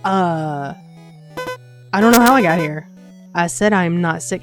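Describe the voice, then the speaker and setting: A woman gaming host chats with her viewers and reacts to the game as she plays. Her voice sits low and her pace is slow and easy. Game music plays clearly behind her. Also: expressive. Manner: chatty and reactive, with many fillers. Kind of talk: casual game commentary.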